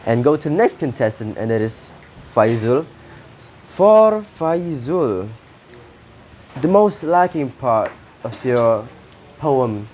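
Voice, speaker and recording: Slow, halting man with an Indonesian accent. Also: mid-range voice, a little mellow, a little hiss or hum. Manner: halting, in short phrases with pauses and restarts. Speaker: poetry contest judge. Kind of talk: spoken feedback to contestants.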